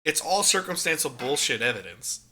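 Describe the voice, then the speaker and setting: A man co-hosting a podcast, chatting casually about a movie, animated and laughing often, with plenty of swearing. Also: on the high side, normal speed. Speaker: podcast co-host. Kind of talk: casual movie review chat.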